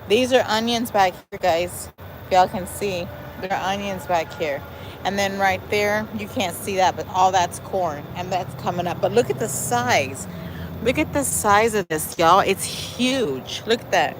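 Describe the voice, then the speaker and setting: A talkative middle-aged woman hosts a casual livestream, walking her garden with a phone in hand. Her voice sits at an ordinary middle pitch, sassy and chatty, calling her viewers y'all and girl. Faint outdoor noise with a passing vehicle hums behind her. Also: a little slow. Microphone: phone held while walking.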